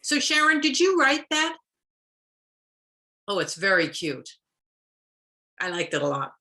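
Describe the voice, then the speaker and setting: A woman's voice: medium pitch, very animated, unhurried, bright, forceful tone. A woman storyteller telling a folk tale expressively over a video call, with playful sound effects.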